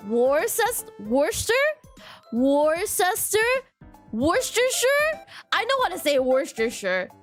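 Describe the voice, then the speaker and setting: Woman streamer, casual chat, giggly, self-deprecating, bouncy animated pitch. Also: moderate pace, few pauses, soft background music. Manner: giggly, self-deprecating, stumbles over words.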